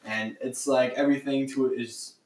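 A man hosting a casual movie podcast, halting and full of fillers. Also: mid-range voice, steady tone. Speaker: podcast host. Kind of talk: casual chat. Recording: echoey room, distant mic, faint noise.

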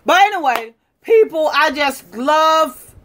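A woman hosting a livestream, lecturing and challenging viewers in a combative way, moving from shouting to quiet muttering. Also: high-pitched, animated, slow. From United States. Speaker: livestream host. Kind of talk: live-stream rant to viewers.

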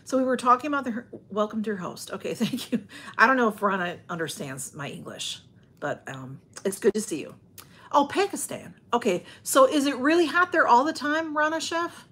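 A woman's voice: a little high, animated, moderate pace, a bit bright, husky. A woman chatting on a livestream from home, rambling and greeting viewers by name as she reads their comments. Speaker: livestream host. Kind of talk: casual livestream chat.

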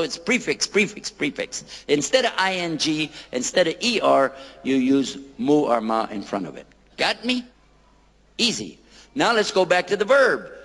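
A man giving a playful public lecture on a microphone, quizzing his audience and repeating words slowly for them to say back. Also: a little high, a bit bright. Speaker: lecturer on Islam. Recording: long hall reverb.

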